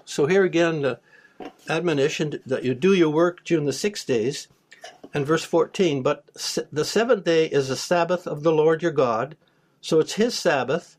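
A man's voice: on the high side, moderate pace. A man teaching a Bible study, reading verses aloud and then explaining them plainly, with small restarts. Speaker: preacher.

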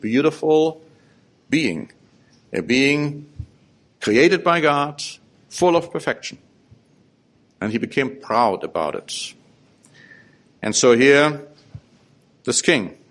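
A man with a slightly high, fairly bright voice preaches a sermon. He reads scripture aloud and speaks emphatically, driving points home with rhetorical questions.

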